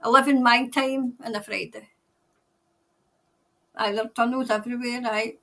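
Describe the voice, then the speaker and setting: A woman's voice: fairly high pitch, steady tone, normal speed, sharp tone. A Scottish woman hosting a tarot livestream, chatting casually and ramblingly with viewers while tired.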